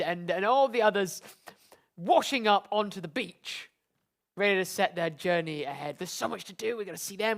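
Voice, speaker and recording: A woman's voice: mid-range voice, fairly bright tone. A woman hosting, giving amused, playful commentary over a show. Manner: amused, giggly.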